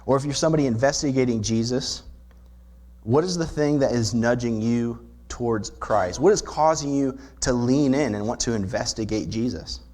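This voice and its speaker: A man's voice: medium pitch, normal speed, darkish tone. A male pastor preaching a sermon in a church, explaining scripture earnestly and posing rhetorical questions to the congregation. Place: church sanctuary.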